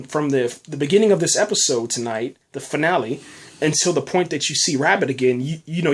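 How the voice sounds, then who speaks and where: A podcast host reviews a TV episode in a casual, rambling way, full of fillers and restarts and frequent uses of "man." His voice sits on the high side with a fairly bright tone.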